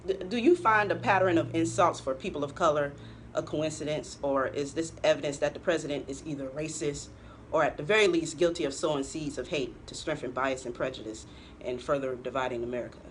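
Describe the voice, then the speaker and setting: A woman's voice: low-pitched, fairly quick, slight background noise. A woman co-hosting a political talk show, giving pointed commentary and laughing often. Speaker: co-host.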